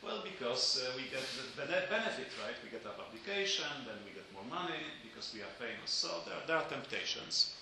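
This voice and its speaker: A man lectures students in a keen, bright voice and stops often to search for words. He slips dry jokes into his points. The sound rings around a very roomy, reverberant space. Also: mid-range voice, lively intonation, a little fast, hardly any pauses, a little hiss or hum. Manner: hesitant with many fillers, dry joking asides.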